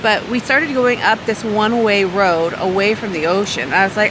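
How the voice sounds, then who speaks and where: A woman's voice: medium pitch, moderate pace, few pauses, background noise. Chatty woman vlogging by the ocean. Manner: chatty, animated, exasperated retelling. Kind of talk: casual vlog storytelling to camera. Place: outdoors by the ocean with waves. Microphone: handheld camera mic.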